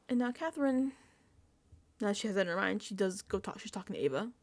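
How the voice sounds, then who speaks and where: A woman giving a casual, emphatic reality-show recap and reaction, talking fast with lots of fillers. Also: mid-range voice. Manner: animated, emphatic, filler-heavy chatter. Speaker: recap vlogger.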